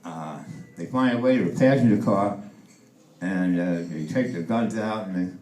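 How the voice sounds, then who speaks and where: A man's voice: sits low, moderate pace, dark tone, reverberant, poor audio. A man in his eighties doing stand-up for the first time, telling jokes with many fillers and restarts and raising his voice for the punchlines. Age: 80s. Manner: acts out the punchlines in a raised voice. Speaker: stand-up comedian. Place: comedy club stage.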